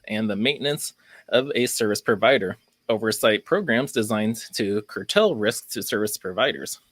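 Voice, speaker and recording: A man's voice: fairly low pitch, a bit bright, no echo. A man hosting a crypto news vlog, reading an article aloud with small stumbles and adding sarcastic, worried commentary. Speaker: crypto channel host.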